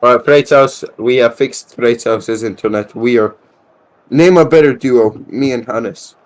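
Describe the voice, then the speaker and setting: A man commentating a live sim race, excitable and chatty with casual swearing. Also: medium pitch, unhurried.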